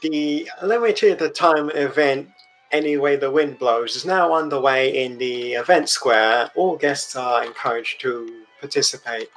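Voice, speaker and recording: A man voicing an announcer reading a formal loudspeaker message, slow and measured. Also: medium pitch, rough recording.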